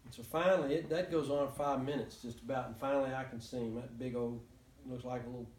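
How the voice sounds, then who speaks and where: A man's voice: medium pitch, fairly even intonation, fast talker, a little mellow. A man telling a story to a small group, rambling with many restarts and chuckles. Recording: echoey room, mic from far off.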